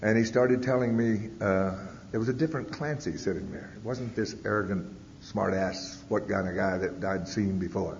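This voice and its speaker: A man with a fairly low voice tells his own story to a large audience, blunt and plainspoken, dotting his talk with "uh" and "you know." The sound rings in a big echoey hall. It comes through a dull, muffled 1990s tape with a faint rumble underneath. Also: moderate pace. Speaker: speaker at a recovery convention. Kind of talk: personal testimony talk.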